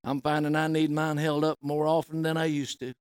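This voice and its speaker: A middle-aged man, preaching a folksy sermon and reading scripture, rising loud on quoted words. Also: a little high, completely flat delivery, brisk, clear, resonant tone, dry recording, clean studio sound.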